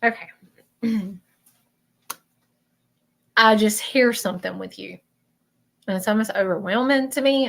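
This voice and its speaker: A woman with a Southern US accent hosting a live stream of spiritual readings, talking in an emotional, halting way that repeats itself. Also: mid-range voice, gravelly. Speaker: host doing spiritual readings. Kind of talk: live-stream chat with viewers.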